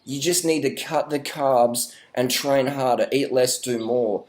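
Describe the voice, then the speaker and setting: An Australian man vlogging a rambling, deadpan sarcastic rant, swearing now and then. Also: medium pitch, a little slow.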